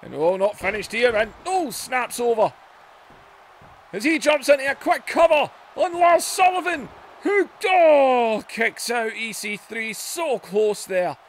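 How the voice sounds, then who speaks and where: Excitable high-voiced man commentating. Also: measured pace, slight background noise. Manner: excitable, swings from low muttering to shouting at big moves. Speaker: gaming YouTuber. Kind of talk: play-by-play wrestling commentary over gameplay.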